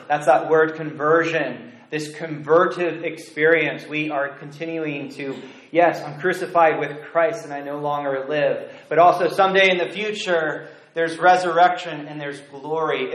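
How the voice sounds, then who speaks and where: A man preaching a sermon as a pastor, earnest and deliberate, dropping to a hush on key phrases. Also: fairly high pitch, echoey room, low-quality recording. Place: church sanctuary.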